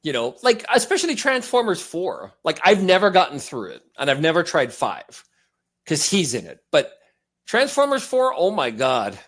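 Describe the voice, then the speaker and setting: A slightly hoarse man co-hosting a movie podcast, rambling and joking in casual chat. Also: fairly high pitch, big pitch swings, normal speed, a bit bright. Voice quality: rambling, joking, laughs often. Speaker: podcast co-host.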